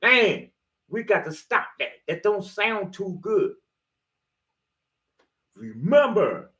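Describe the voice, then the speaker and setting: A man's voice: high voice, very animated, slow pace, long pauses, a bit bright. A man giving a rambling motivational monologue, preachy and slangy, with loose jokes and swearing. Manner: slangy, street-style talk. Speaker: motivational video host.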